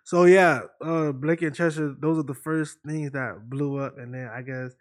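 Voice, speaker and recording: A man's voice: a little high, fairly even intonation, normal speed. A man, a comedy video creator on a podcast, speaking hesitantly and trailing off with fillers. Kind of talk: casual podcast chat.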